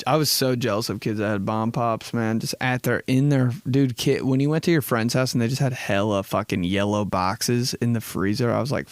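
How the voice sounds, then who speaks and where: A man's voice: medium pitch, fairly quick, clear, resonant tone, no echo. A young man hosting a podcast, telling rambling, profane comedic stories and slipping into put-on voices. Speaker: podcast host.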